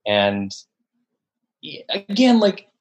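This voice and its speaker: Excited actor guest, animated storyteller. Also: male voice, a little high, very slow, dull audio. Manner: enthusiastic, acts out quotes in voices. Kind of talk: animated interview talk.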